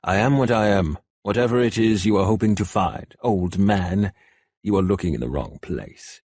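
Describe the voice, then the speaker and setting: A man doing a slow, mocking, cold-hearted captor. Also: on the low side, darkish tone, no echo, clean studio sound.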